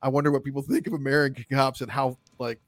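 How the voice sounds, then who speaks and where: Dude rambling about movies, swears a lot, dead dry mic. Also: male voice, mid-range voice, flat delivery, fast, no echo. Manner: rambling, profane, laughs often. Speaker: podcast co-host. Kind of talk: casual movie chat.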